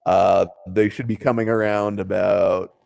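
A man's voice: low-pitched, little pitch movement, measured pace, vocal fry, a little mellow, dry recording, studio quality. A man playing in a tabletop game, thinking aloud in a hesitant, casual way. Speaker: player.

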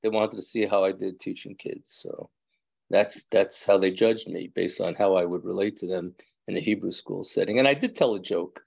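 Male rabbi, casual class talk to a small group, rough gravelly voice, dry close sound. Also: sits low, moderate pace, darkish tone, no room sound. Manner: conversational, repeats words, addresses the group as guys.

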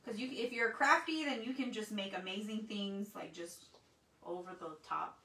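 A woman's voice: mid-range voice, moderate pace, sharp tone. Chatty woman hosting a craft livestream. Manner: chatty, talks to viewers as guys. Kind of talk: casual live craft demo, reading comments. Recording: roomy echo, mic at a distance, faint background noise.

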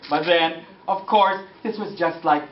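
A man giving a lively, laughing lecture with anecdotes, slipping into French and phrases. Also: fairly high pitch, measured pace. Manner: animated, mixes French and Filipino phrases, laughing often. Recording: distant roomy lo-fi recording with audience.

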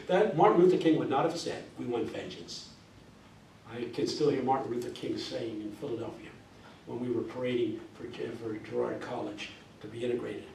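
An older man giving a passionate classroom lecture, breaking into song snippets and rising to near shouting. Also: mid-range voice, normal speed, creaky. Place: university classroom. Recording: echoey classroom miked from a distance.

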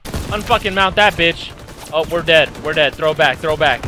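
A young man giving casual, profane, excitable commentary while playing a war shooter, shouting at the game. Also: fairly high pitch, moderate pace, a little hiss or hum. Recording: loud gunfire from the game over the voice.

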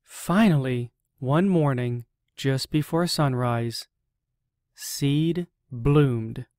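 A storyteller reading a children's picture book aloud in a slow, deliberate manner with long pauses. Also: medium pitch, a little mellow, no room sound, clean studio sound.

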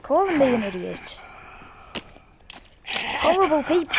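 A woman's voice: a little high, expressive, unhurried, heavy background noise. A young woman streaming a game, chatting and joking, then shrieking when attacked. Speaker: gaming streamer. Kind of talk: gameplay commentary. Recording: loud game sounds under the voice.

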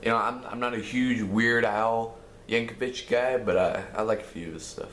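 Brief: mid-pitched male gamer ranting and cursing over a let's play, in an echoey room. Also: steady tone, moderate pace, a bit bright, a little hiss or hum. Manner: frustrated, swearing rants. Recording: roomy echo with faint game music.

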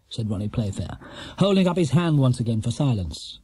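A man narrating a children's storybook, dropping into low, hushed asides between the dialogue. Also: big pitch swings, fairly quick, breathy edge, no room sound. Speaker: audiobook narrator.

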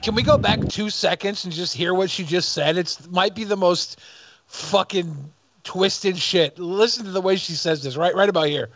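A man's voice: high voice, moderate pace, a bit bright, no echo. A man co-hosting a commentary show, mocking and blunt, swearing freely. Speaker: co-host. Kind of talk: commentary on clips.

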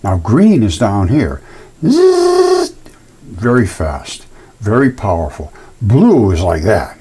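A man's voice: fairly low pitch, very animated, unhurried, noisy background. A man presenting his own physics ideas in a casual explanatory talk, folksy and emphatic, acting out sounds with repeated words. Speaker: presenter of fringe science videos.

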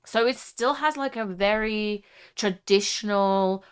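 A woman's voice: mid-range voice, takes it slowly, clear, resonant tone. A young woman giving chatty, heartfelt commentary while reacting to a music video. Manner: chatty, heartfelt, frequent "like" fillers.

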